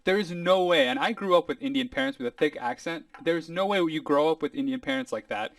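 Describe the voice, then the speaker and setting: Man, podcast host, casual chat, animated and mocking, slightly distant dry mic. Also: on the high side, fast, vocal fry, dry recording.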